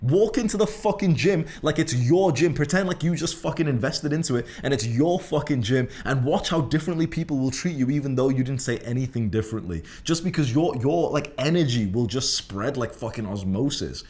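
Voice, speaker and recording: A man's voice: medium pitch, lively intonation, brisk, few pauses, a little mellow. A young man with a Liverpool accent giving a brash, profane motivational monologue to camera, swearing constantly and emphatically. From England. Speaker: self-improvement creator.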